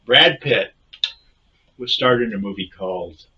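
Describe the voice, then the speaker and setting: A man in casual comedic podcast chat, spinning rambling deadpan tall tales. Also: lowish voice, measured pace, lo-fi sound.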